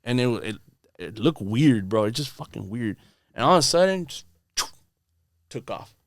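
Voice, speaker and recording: Speaking casually as a guest in a podcast studio, this man spins out a long story full of swearing, "bro" and "dude." His mid-range voice has lively intonation and a moderate pace.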